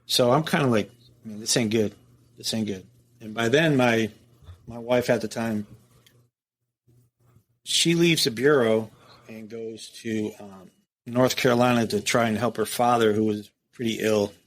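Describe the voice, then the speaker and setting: A middle-aged man from the United States, a former prison captain, telling a story as a podcast guest in a casual, profane, animated way. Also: mid-range voice, a little slow, long pauses. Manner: profane, animated storytelling, acts out quoted dialogue.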